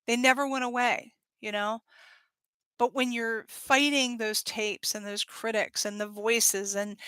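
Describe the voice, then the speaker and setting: Woman, host, casual talk, bright tone, dry close sound, acts out quoted voices. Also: medium pitch, clean tone, dry recording. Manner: thinks aloud with fillers and restarts. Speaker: channel host.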